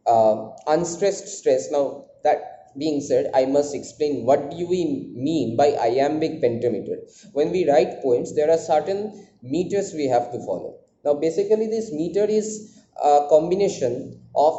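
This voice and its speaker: A man's voice: on the high side, mellow. A man teaching a poetry lesson, explaining step by step and often starting with "now" and "uh". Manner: repetitive explaining, frequent "now" and "uh". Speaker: literature lecturer. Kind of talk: explanatory lecture. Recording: echoey room, dull lo-fi sound, faint noise.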